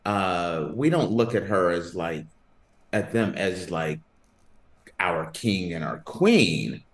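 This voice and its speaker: Man, podcast host, casual laughing chat, low lively voice, echoey room. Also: slow pace. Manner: laughing, rambling conversational. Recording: roomy echo.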